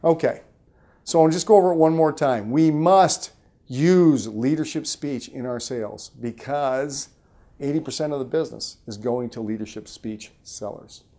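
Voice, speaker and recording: A middle-aged man, a sales trainer hosting his own show, giving an emphatic motivational talk that swings his pitch and loudness widely. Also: moderate pace. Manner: emphatic, coaching, varies pitch and volume widely.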